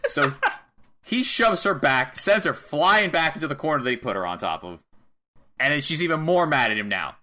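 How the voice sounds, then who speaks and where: A man's voice: a little high, animated, normal speed, long pauses, pushed and bright, a little hiss or hum. A young man co-hosting a casual wrestling podcast, recapping a match with laughs and acted-out lines from the wrestlers. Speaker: podcast co-host.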